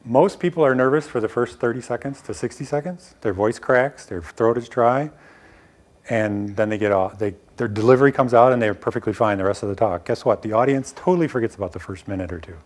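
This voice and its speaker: Speaking briskly at medium pitch, a middle-aged man leads a live workshop on how to present science, lecturing a small audience in a small room. His manner is direct and emphatic, broken up by casual asides.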